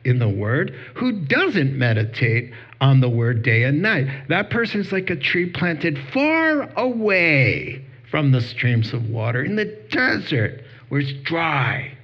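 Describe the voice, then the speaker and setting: A man's voice: a little high, takes it slowly, husky, dull audio. A man preaching a sermon as a pastor, telling stories with acted-out dialogue. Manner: animated storytelling with acted-out dialogue.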